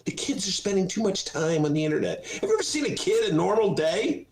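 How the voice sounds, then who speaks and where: A man hosting a casual political talk show, sarcastic and quick to laugh. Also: high-pitched, sing-song, a little mellow. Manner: sarcastic, laughs often, jumps into silly voices. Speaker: podcast host. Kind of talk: casual comedic political chat. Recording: echoey room.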